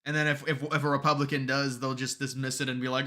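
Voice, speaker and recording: A man with a very bright, sharp-edged voice hosts a live stream. He talks loosely with his viewers, greets them and answers their comments, and often trips over and restarts his sentences. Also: medium pitch, level tone, fast talker. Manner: rambling, restarts sentences, reads chat aloud.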